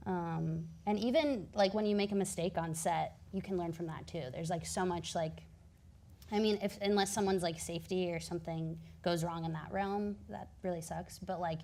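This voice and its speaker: A woman with a lowish, gravelly voice full of vocal fry talks casually on a panel. She fills her speech with lots of filler words. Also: fairly even intonation, normal speed, mellow. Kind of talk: panel discussion.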